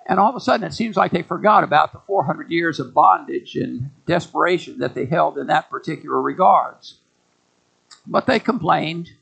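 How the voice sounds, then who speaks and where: Casting: male pastor, high-pitched gravelly voice, folksy emphatic sermon delivery. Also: animated, moderate pace, fairly bright tone, poor audio. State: out of breath.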